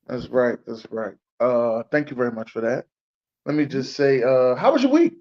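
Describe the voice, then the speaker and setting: A man's voice: mid-range voice, lively intonation, moderate pace, darkish tone. A man hosting a podcast in casual, chatty talk. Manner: laid-back, chatty, with fillers. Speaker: podcast host. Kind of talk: casual chat. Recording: dull lo-fi stream audio.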